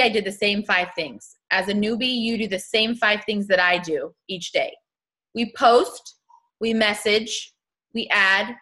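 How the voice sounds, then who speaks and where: A woman's voice: mid-range voice, sharp tone. A young woman hosting a casual motivational live stream for her sales team, chatty and upbeat, laughing often.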